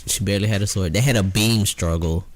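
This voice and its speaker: A young man with a fairly low voice co-hosts a podcast in relaxed, casual chat. He speaks matter-of-factly and sets details straight firmly. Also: fast talker, a little hiss or hum. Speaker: podcast co-host.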